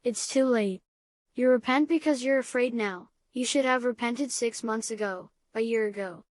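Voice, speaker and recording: A woman's voice: fairly high pitch, moderate pace, no echo, natural voice. A woman reading the lines of an angry male miner who cries out in despair, in a dry recording. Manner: crying out harshly.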